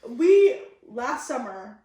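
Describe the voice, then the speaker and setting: A woman's voice: a little high, a crowd in the background. A young woman co-hosting a podcast, telling family stories in a casual, laughing way and acting out quotes. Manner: laughing often, quick animated retelling with quoted voices. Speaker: podcast co-host. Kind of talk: casual storytelling chat. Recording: echoey room, mic at a distance.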